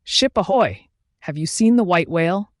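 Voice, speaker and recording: A man voicing an obsessed old one-legged sea captain in an audiobook, shouting his commands. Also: on the high side, very animated, moderate pace, smooth, no room sound, studio quality. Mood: commanding.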